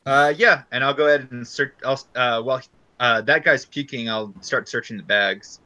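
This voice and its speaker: A man's voice: medium pitch, normal speed, pushed and bright. A man playing a tabletop game, talking in a crude, joking way. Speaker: player. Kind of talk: casual play at the table. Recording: dull, lo-fi sound.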